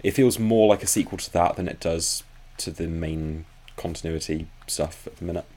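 A man's voice: sits low, moderate pace, warm tone, slight background noise. A Scottish man co-hosting a podcast, chatting casually with dry, blunt replies. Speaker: podcast co-host. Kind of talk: casual chat.

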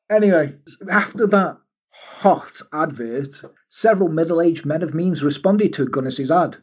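A man hosting a podcast, telling a story in a casual, animated way and often breaking into silly voices. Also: fairly high pitch, husky. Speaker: podcast host.

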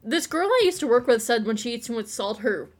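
A woman's voice: on the high side, animated, fairly quick. Chatty young woman. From Buffalo, New York. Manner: chatty, laughing, many restarts. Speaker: podcast co-host. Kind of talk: casual chat.

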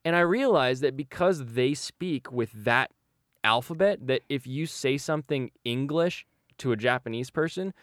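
A man's voice: mid-range voice, animated, normal speed, no echo, studio quality. A young adult man from the United States, co-hosting a casual podcast chat and telling travel stories with many fillers and restarts. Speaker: podcast co-host.

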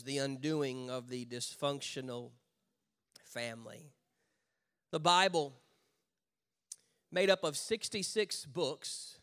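A male pastor preaching a sermon, swinging from loud calls to the congregation to low, slow emphasis, with humorous conversational asides. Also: smooth.

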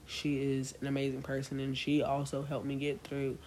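Young woman podcast co-host, lively casual storyteller, talks straight to listeners. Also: extremely low pitch, normal speed, slight background noise. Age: young adult. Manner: animated storyteller addressing listeners as y'all. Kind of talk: casual chat.

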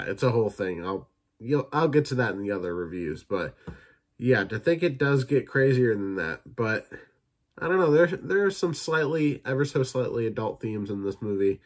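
A young man hosting a casual solo podcast, rambling and swearing as he retells movie scenes in quick impressions. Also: lowish voice. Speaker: podcast host reviewing films.

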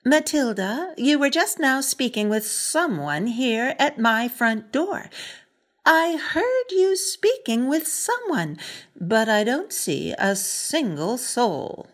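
A woman's voice: sits high, big pitch swings, takes it slowly, full character voice. A woman reading a storybook aloud, voicing a prim, proper grown-up neighbour who speaks in formal, precise sentences. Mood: stern.

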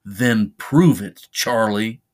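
A man's voice: fairly low pitch, slow pace. A man voicing a cruel, controlling man in a horror story reading, scornful and menacing.

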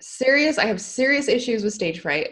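A woman's voice: fairly high pitch, expressive, normal speed, fairly bright tone. A middle-aged woman speaking as an interview guest, telling a personal story in an emotional, candid way. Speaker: guest, online course creator.

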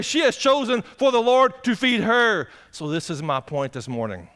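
A man's voice: high-pitched, very animated, normal speed, bright, forceful tone. A man, a pastor preaching a folksy, conversational sermon and putting direct questions to the congregation.

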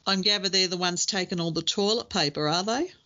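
A woman's voice: fairly low pitch, fairly quick, pushed and bright. A woman co-hosting a podcast in casual chat, thoughtful and easy to laugh, with hesitant fillers. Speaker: podcast co-host. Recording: dull lo-fi sound.

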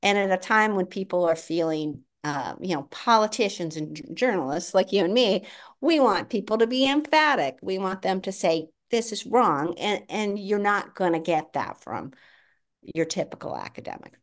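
A woman guest on a podcast who works in education policy, explaining her views in a measured way. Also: mid-range voice, lively intonation. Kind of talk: casual podcast conversation.

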